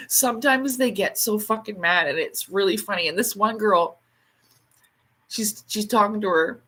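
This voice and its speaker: A woman's voice: mid-range voice, moderate pace, pushed and bright. Chatty woman livestreaming over dinner. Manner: rambling, laughs often, swears casually; reads out and answers viewer comments. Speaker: livestream host. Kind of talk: casual chat on a livestream.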